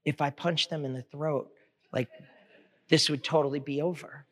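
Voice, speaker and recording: A man preaching a sermon, animated and storytelling, often repeating words as he builds a point. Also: fairly high pitch, normal speed, in a large hall. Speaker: pastor.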